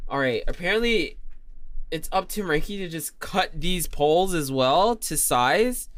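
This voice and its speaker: A young man with a slightly high, somewhat bright voice chats casually on a live stream. He refers to himself in the third person and pokes fun at himself in a self-mocking, chatty manner.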